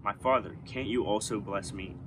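Guy reading out a desperate son begging his dad for a blessing, kinda low voice, traffic noise in the back. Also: fairly even intonation, normal speed, lightly acted. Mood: pleading. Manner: pleading. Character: grieving adult son begging his father.

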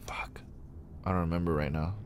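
A young man with a fairly low voice talks in a loose, rambling way, peppered with swearing. He chats casually as the host of a homemade podcast. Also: flat delivery, fairly quick, a little hiss or hum. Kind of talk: casual chat. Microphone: live stream setup.

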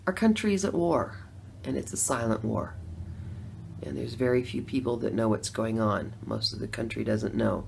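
A middle-aged woman telling her own story in a chatty testimonial vlog, laughing between lines and swinging from hushed to loud. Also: extremely low pitch, moderate pace, gravelly, slight background noise.

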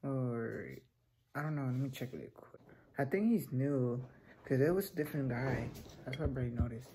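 A man's voice: medium pitch, animated, normal speed, mellow, a little hiss or hum. A teenage boy hosting a reaction video, chatting casually and rambling between remarks. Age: teens.

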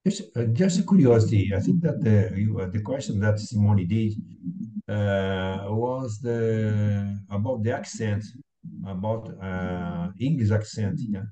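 Male host, low mellow voice, halting, echoey room. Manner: halting, searching for words. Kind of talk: casual video-call interview.

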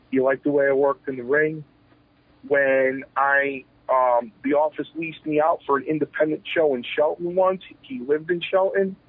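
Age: 40s. Sex: man. Role: retired wrestler as interview guest. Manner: animated, candid, restarts sentences. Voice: a bit high, husky. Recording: tinny phone line, dry. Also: no echo. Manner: animated, acts out quoted exchanges, restarts sentences. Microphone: telephone.

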